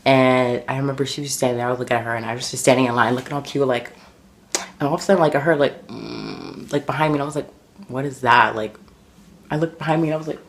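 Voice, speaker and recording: Animated man telling stories to camera. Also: mid-range voice, very fast, slight background noise. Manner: animated and dramatic, lots of "like". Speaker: vlogger. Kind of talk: casual storytelling to camera.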